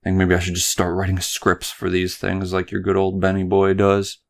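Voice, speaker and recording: A man's voice: deep voice, completely flat delivery, normal speed, vocal fry. A young man from Canada hosting a solo podcast, rambling through political commentary, swearing and stumbling over his words. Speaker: podcast host.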